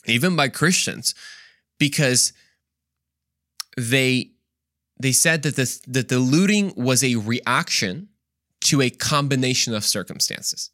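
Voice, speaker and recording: A man's voice: medium pitch, lively intonation, takes it slowly, long pauses, bright, forceful tone, no room sound, studio quality. Emphatic man arguing in a podcast. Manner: emphatic, argumentative, many rhetorical questions; repeats words and restarts often. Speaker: podcast host. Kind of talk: Christian podcast monologue.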